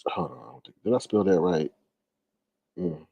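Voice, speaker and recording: A man's voice: fairly low pitch, big pitch swings, moderate pace, vocal fry, slightly rough, dry recording, dull audio. Sighing, exasperated male livestream host. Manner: exasperated, sighing, talks straight to viewers. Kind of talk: casual ranting commentary.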